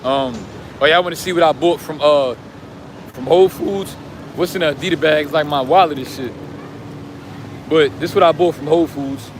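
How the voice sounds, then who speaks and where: A man vlogging outdoors who rambles in street slang and keeps saying "you know what I'm saying", while he is losing his voice and going hoarse. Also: a little high, normal speed, pauses often, noisy background. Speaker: vlogger and self-styled life coach. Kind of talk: casual monologue to camera.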